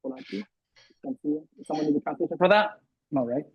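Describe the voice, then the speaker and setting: A man's voice: on the high side, big pitch swings, a little fast, creaky, dull audio. A man teaching an online Arabic class, quizzing students and correcting them through repeated words.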